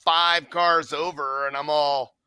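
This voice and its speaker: Slightly high and unhurried, this man's clean, echo-free voice carries a casual podcast chat. He tells stories with plenty of swearing, animatedly acting out the things he and other people said.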